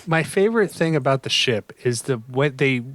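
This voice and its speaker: A man co-hosting a podcast, explaining things in relaxed casual chat. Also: mid-range voice, normal speed, no room sound. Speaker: podcast co-host.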